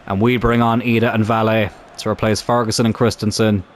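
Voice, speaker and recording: A young man commentating on his own football video game career, calm one moment and shouting the next. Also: on the low side, fairly quick, a little hiss or hum. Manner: excitable, shouts at big moments. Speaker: gaming YouTuber.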